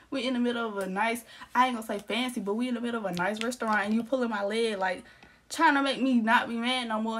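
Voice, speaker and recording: A young adult woman telling a storytime vlog in casual, slangy chat, laughing often and acting out the quotes. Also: a little high. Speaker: storytime vlogger.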